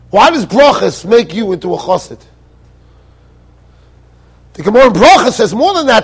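An American man, a rabbi giving a Torah lecture in a yeshiva study hall, animated and full of rhetorical questions. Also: high voice, husky. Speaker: rabbi teaching a Torah class.

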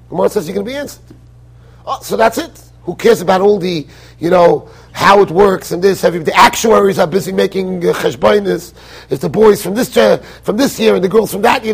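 An American man, a rabbi giving a Torah lecture in a yeshiva study hall, animated and full of rhetorical questions. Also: high voice, creaky, husky. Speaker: rabbi teaching a Torah class.

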